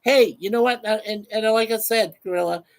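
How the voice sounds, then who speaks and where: A man's voice: sits high, brisk, creaky, poor audio. A man hosting a casual live stream, chatting loosely with many fillers and reading out viewer comments.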